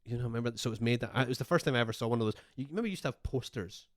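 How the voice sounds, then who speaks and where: A man's voice: medium pitch, rapid-fire. A man co-hosting a casual podcast chat, rambling and breaking off mid-sentence, laughing often. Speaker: podcast co-host. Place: garage.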